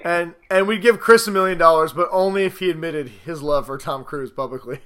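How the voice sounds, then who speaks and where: Man, 30s, podcast co-host, high voice, playful casual chat. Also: brisk, fairly bright tone. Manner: playful, acts out quoted lines in goofy voices.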